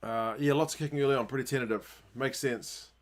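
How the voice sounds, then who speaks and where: Brief: New Zealand man, stream host, mid-pitched, chatty, reacts loudly to plays. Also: fairly quick. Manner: chatty, reads viewer comments, bursts of excitement at plays. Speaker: livestream host. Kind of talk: casual watchalong chat.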